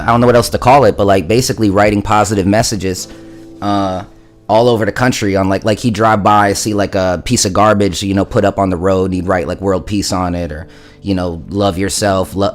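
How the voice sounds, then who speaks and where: Laid-back cursing man on stream. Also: lowish voice. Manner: loose, profane, talks to chat. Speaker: livestreaming musician. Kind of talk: casual livestream chat. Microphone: studio mic through interface.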